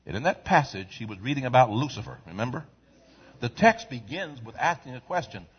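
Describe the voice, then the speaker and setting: A man preaching a sermon in a church, swinging from quiet asides to shouted lines in a call-and-response style. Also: mid-range voice, lively intonation, brisk, breathy edge, muffled recording. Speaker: pastor. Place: church sanctuary.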